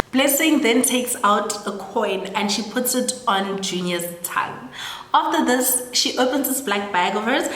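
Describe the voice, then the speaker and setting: A woman's voice: on the high side, heavy background noise. A young woman casually recapping a film, chatty and full of fillers. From South Africa. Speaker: storyteller. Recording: echoey room, long reverb.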